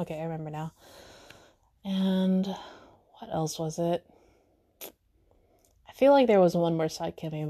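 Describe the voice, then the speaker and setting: On her solo podcast, a young woman with a warm, lowish voice chats casually and rambles, full of fillers and self-corrections.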